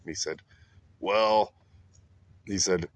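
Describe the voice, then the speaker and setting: A man's voice: low voice, slow. A young man co-hosting a casual podcast, bantering and laughing easily. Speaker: podcast co-host. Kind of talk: casual chat.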